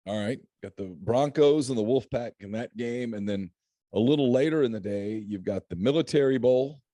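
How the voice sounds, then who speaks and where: A man's voice: medium pitch, moderate pace, mellow, dry recording. A middle-aged man hosting a casual chat about game picks, joking and laughing often. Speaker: podcast host.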